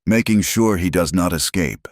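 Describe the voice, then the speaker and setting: A man's voice: low-pitched, moderate pace, dry recording, studio quality, close to an everyday voice. A man voicing a drunk saloon thug with a club who speaks mockingly.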